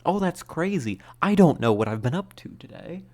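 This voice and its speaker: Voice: mid-range voice, big pitch swings, moderate pace, darkish tone. A livestream host chatting casually with viewers, rambling and playful, a little winded after exercise. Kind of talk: casual chat with live viewers. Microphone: streaming setup.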